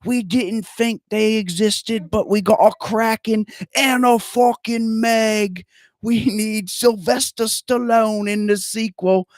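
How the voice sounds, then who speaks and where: A gruff grown action hero hunting a giant shark, as a man puts him on, swearing in a slow, drawn-out mock accent that lands halfway Australian. The voice sits well above his usual pitch. The sound is dry and close. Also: steady tone, a little mellow, no room sound. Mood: boastful.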